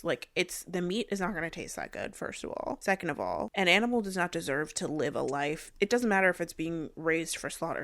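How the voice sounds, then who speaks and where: Young woman, low-pitched, chatty book vlogger, dry close phone sound, opinionated. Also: fairly bright tone, no room sound. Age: young adult. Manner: chatty, opinionated, reads blurbs aloud. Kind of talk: casual book haul chat.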